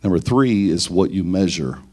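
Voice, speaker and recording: A mellow, very low-voiced man talks at a normal speed, teaching church leaders about leadership. Listing his points by number, he poses rhetorical questions and often repeats words as he goes.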